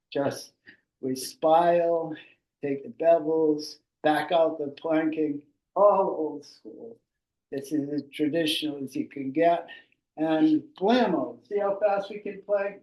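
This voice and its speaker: Older man, boat building instructor, slow rambling slide talk, echoey room, far from mic. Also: fairly high pitch, warm tone. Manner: rambling, conversational, with many fillers and restarts. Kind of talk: casual slide presentation.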